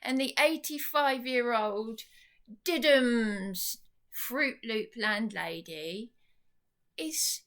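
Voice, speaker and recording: A woman talks straight to camera in a rambling, indignant vlog. She is sarcastic throughout and speaks at an unhurried, drawn-out pace. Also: fairly high pitch, fairly bright tone, clear, resonant tone. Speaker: vlogger. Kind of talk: venting monologue to camera.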